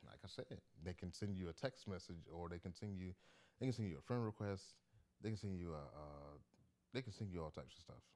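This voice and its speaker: A man's voice: low-pitched, animated, a little fast, warm tone. A man who does stand-up comedy, telling a story in a loose, chatty, slangy way. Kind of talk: casual storytelling to camera.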